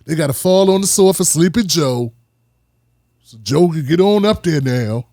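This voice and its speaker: Animated high-voiced man ranting on politics. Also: moderate pace. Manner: animated, preachy, repeats phrases for emphasis. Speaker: host. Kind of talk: casual political commentary.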